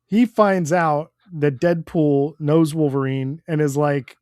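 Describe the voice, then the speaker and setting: A man's voice: a little high, takes it slowly, a little mellow, clean tone, no room sound, studio quality. A man co-hosting a comics podcast, recapping the plot in an easygoing way with fillers. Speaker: podcast co-host. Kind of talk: casual comics chat.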